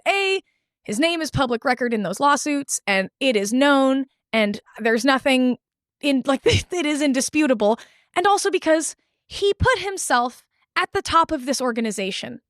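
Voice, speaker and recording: A woman's voice: high-pitched, animated, normal speed, a bit bright, no echo, studio quality. A young woman co-hosting a podcast, talking candidly and swearing freely as she recounts experiences. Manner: candid, swears freely, acts out quoted people. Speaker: podcast co-host. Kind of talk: casual chat, recounting experiences.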